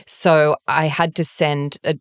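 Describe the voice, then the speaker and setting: A woman from Australia, speaking in a low voice as a podcast guest. She tells her stories with animation and acts out the lines of the people in them. The sound is close and dry. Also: slow pace, smooth, dry recording. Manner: animated storytelling, acting out her own dialogue. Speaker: guest author. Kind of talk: podcast conversation.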